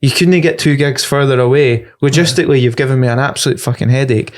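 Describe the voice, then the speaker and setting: A Scottish man with a mid-pitched voice chats on a podcast as a guest comedian. He swears freely and winds through loose, rambling anecdotes, his speech full of restarts. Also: quick pace. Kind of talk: casual podcast chat.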